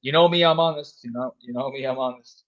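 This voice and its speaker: A man's voice: medium pitch, fast, highs cut off. A young man chatting casually and emphatically, swearing often and repeating himself as he makes his point. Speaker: host. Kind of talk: casual pub chat.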